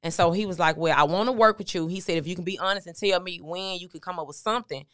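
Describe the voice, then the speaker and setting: A middle-aged motivational speaker appears as a guest on an interview show, conversationally telling a candid personal story and quoting others' words. She speaks quickly in a low-leaning, somewhat bright voice, with studio quality and no room sound.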